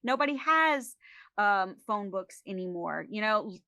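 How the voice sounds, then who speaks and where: A woman, a social media expert guest on a podcast, talking in a lively, emphatic, joking way. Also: medium pitch, measured pace, dry recording. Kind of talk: casual interview chat.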